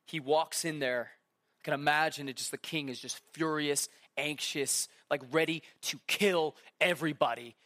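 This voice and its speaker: A man preaching a casual sermon, talking to the crowd like a friend, with quick asides and acted-out quotes. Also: a little high, pushed and bright. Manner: conversational, acts out quotes, many asides.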